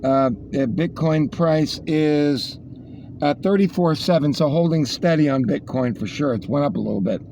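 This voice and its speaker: A man's voice: fairly high pitch, normal speed, a little mellow, slight background noise. A man hosting a casual news rundown, rambling with sarcastic asides. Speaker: host reading the news.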